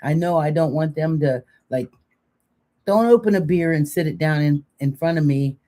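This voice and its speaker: Older woman, co-host, casual chat, mellow tone, joking, rambling stories. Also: low voice, normal speed. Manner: chatty, joking, rambling storyteller. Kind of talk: casual chat on a live stream.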